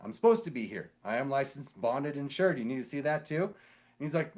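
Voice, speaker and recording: A man casually telling a story on a podcast, animated and swearing, acting out the voices of the people in it. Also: mid-range voice, quick pace. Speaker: podcast co-host; sewer inspector.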